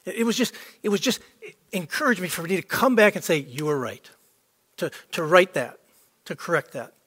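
A man's voice: high-pitched, sing-song, fairly quick, a bit bright, husky. A man preaching a sermon to a congregation, emphatic and repetitive for stress. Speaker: pastor. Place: church sanctuary. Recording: long hall reverb.

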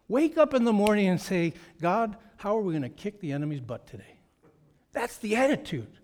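High-voiced man preaching emphatically. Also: sing-song, normal speed, a little mellow. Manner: emphatic, conversational preaching with repeated phrases. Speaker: pastor. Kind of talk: sermon.

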